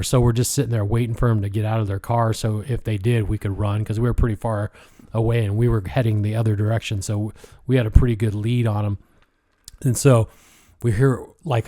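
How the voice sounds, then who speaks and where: A man's voice: fairly low pitch, mellow. A young adult man with a Pacific Northwest American accent, co-hosting a podcast and telling a story in a rambling way, swearing a lot and whispering the lines he quotes. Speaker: podcast co-host. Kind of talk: casual storytelling chat.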